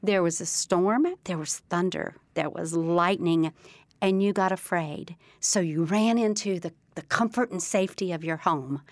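A woman's voice: fairly low pitch, unhurried, no room sound. A middle-aged woman hosting a faith podcast, introducing her guest in an effusive, enthusiastic way. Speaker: podcast host.

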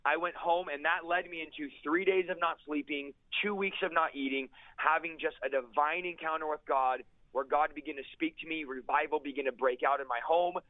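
A man with a somewhat high voice tells his conversion story with fervent intensity, piling phrase on phrase and repeating key lines for emphasis. The sound is dry and narrow, like a tinny phone line with no room around it. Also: fairly even intonation, dry recording. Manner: intense, fast-paced storytelling with emphatic repetition. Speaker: guest preacher sharing a testimony. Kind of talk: fervent personal testimony in an interview.

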